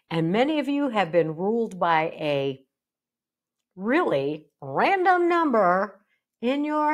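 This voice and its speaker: A middle-aged woman hosting a solo podcast, speaking emphatically with a playful, animated delivery. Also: on the low side. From United States. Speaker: podcast host and bariatric psychologist.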